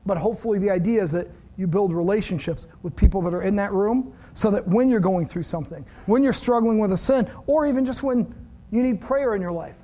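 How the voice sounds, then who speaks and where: Male pastor, high voice, middle-aged, conversational sermon, acts out dialogue. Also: a little fast, dark tone.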